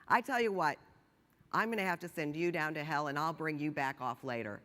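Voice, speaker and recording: A woman's voice: deep voice, a little fast, a bit bright. A woman doing a genial old saint at heaven's gate. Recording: long hall reverb.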